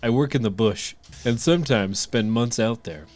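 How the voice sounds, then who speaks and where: A man's voice: mid-range voice, normal speed, darkish tone, faint music behind. A man co-hosting a podcast, reading listener stories aloud and adding dry jokes. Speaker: podcast co-host.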